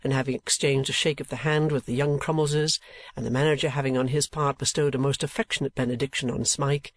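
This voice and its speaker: A man narrating an audiobook in a steady, measured reading. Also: mid-range voice, dry recording. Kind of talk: scripted narration.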